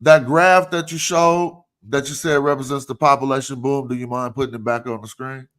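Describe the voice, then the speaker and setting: A man in an online debate who keeps asking pointed questions in an even, insistent way. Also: medium pitch, normal speed.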